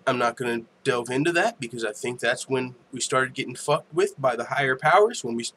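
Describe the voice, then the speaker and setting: A man's voice: medium pitch, lively intonation, brisk, a bit bright, a little hiss or hum. A man hosting a casual MMA news livestream, joking loosely, swearing often and reading viewer comments aloud. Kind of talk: casual profane livestream chat.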